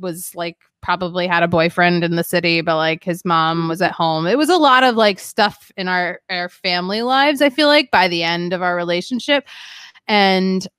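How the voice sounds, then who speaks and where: A woman's voice: on the low side, normal speed, a bit bright, smooth, no echo. A young woman candidly telling a painful personal story as a guest, rambling with lots of "like" and shifting emotion. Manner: rambling, heavy use of "like", emotional.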